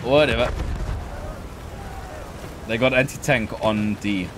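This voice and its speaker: A man's voice: mid-range voice, slow, background noise. A man co-hosting a gaming video, bantering, teasing and swearing casually while he plays. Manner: teasing, swearing, self-mocking. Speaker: gaming channel co-host.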